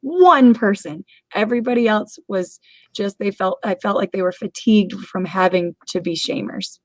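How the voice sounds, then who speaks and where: A woman's voice: mid-range voice, moderate pace, no room sound. A woman co-hosting a podcast, chatty and loose, leaning on filler words, with a mid-range voice. The recording is dry and close-miked. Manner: chatty, uses lots of fillers like "like". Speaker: podcast co-host. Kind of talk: casual podcast chat.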